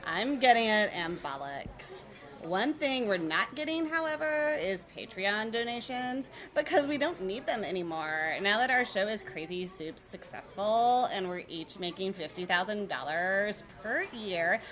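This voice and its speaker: Sarcastic woman cohost, slow talker, voice jumps all over. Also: medium pitch, animated, fairly bright tone, soft background music. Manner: sassy, sarcastic. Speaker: podcast co-host. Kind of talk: scripted comedy banter.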